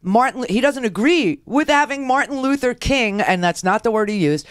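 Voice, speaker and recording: A woman's voice: on the high side, lively intonation, normal speed, no echo, clean studio sound. A woman hosting a political radio talk show, delivering indignant, sarcastic commentary.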